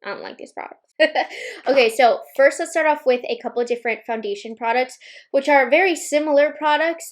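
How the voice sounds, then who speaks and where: A young woman vlogger, pregnant and a little out of breath, giving candid, opinionated makeup reviews at her table at home. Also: high-pitched. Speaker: beauty vlogger. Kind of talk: casual makeup review vlog.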